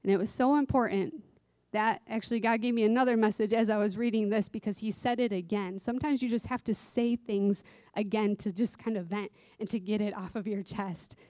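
A woman's voice: mid-range voice, fairly even intonation, a little fast, mellow, no echo. A woman who teaches dance giving an earnest devotional sermon, repeating key phrases for emphasis.

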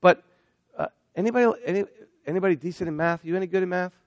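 Middle-aged male preacher, fired-up sermon delivery, a touch high-pitched, dry recording. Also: quick pace, no echo, lo-fi sound. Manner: excitable, builds to near-shouting. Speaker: missionary preacher. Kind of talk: energetic sermon.

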